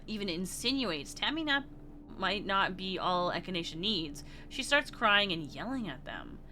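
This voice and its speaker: Bright-voiced woman streamer. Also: medium pitch. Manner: reads game text aloud and reacts with playful laughs and gasps. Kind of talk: reading a game aloud with casual chat.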